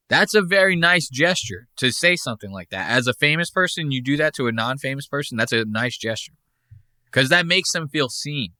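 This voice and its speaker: A man's voice: medium pitch, lively intonation, brisk, sharp tone, no room sound, studio quality. A man hosting a podcast, giving crude, mocking, rambling commentary in a casual tone. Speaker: podcast host.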